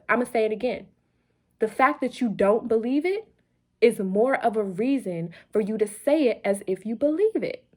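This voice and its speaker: A woman's voice: a little high, a little mellow. Woman vlog host, late-night loopy energy, playful preacher, repeats phrases for emphasis. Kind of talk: motivational talk to camera.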